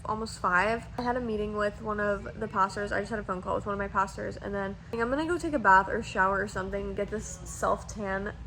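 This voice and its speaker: A woman's voice: medium pitch, steady tone, fast talker, hardly any pauses, sharp tone, slight background noise. A young woman, talking casually to her phone camera in a rambling vlog, full of "like" and "literally". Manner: chatty, rambling, lots of "like" and "literally". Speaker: vlogger. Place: at home, in bed, and in a car.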